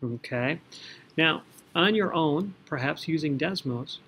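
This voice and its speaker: Gravelly-voiced man teaching math. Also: fairly high pitch, expressive, slow, fairly bright tone. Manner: talks through working step by step, self-correcting. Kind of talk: recorded screen lesson.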